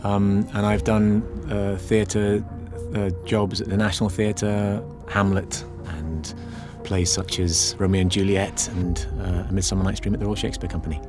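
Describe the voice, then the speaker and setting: A man, a voice actor, talking in an interview in a measured way with some hesitations. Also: lowish voice, level tone, music in the background. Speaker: voice actor guest. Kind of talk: casual interview.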